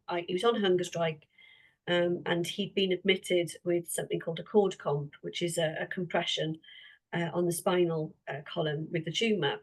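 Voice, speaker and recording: A woman with a Welsh accent, a therapist and interview guest, telling a story in a lively way and acting out the dialogue. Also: lowish voice, rough recording. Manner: lively, acts out quoted dialogue.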